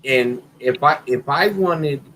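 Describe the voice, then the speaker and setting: A man's voice: mid-range voice, slow pace, a bit bright, a little hiss or hum, low-quality recording. A man rambling hesitantly in a casual group chat.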